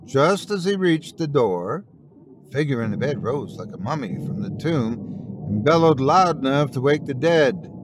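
A man hosting and narrating a horror story in a theatrical, drawn-out manner. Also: mid-range voice, sing-song. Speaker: host and narrator. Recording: noisy recording.

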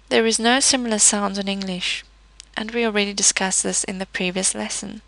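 A woman teaching a pronunciation lesson, explaining patiently with pauses, fillers and small self-corrections. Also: medium pitch, flat delivery, vocal fry, fairly bright tone, dry recording, poor audio. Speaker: French teacher.

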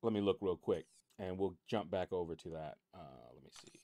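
A man's voice: sits low, moderate pace, warm tone, no echo. A man hosting his mobile game channel, chatting in a rambling, easygoing way from a room at home. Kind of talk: casual chat over game leaderboards.

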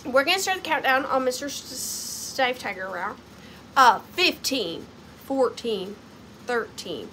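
A woman's voice: a little high, expressive, unhurried, long pauses, sharp tone, a little hiss or hum. A young woman selling vintage items in a bubbly, playful live sale, chatting to her pieces as if they were friends. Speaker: online vintage seller. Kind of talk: casual live sale chat.

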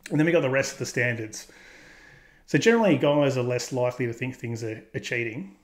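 Reacting to posts in a casual commentary, this host keeps things crude and blunt, often cracking himself up. He speaks briskly at a medium pitch.

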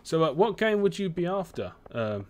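A man's voice: a little high, very animated, normal speed. A young British man from the UK, chatting casually while he plays a farming game, swearing often and humming to himself. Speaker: gaming streamer. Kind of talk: casual let's-play commentary.

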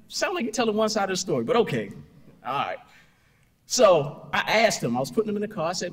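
A man's voice: high voice, very animated, fast, slightly rough. A man giving a conference keynote, conversational, peppering his points with "right?" and rhetorical questions. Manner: conversational, tags "right?" and "you know" constantly; storytelling with punchy asides and rhetorical questions. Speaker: keynote speaker. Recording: hall reverb.

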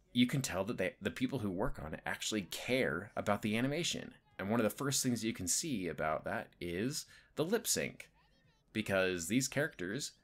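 Rambling young man chatting casually. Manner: rambling, full of "like" and "you know", lively pitch swings. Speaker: video host. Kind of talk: casual commentary.

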